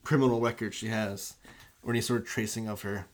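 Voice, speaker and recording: A man's voice: fairly low pitch, steady tone, a little fast. A man co-hosting a casual podcast, enthusiastically discussing a film and acting out its scenes. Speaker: podcast co-host.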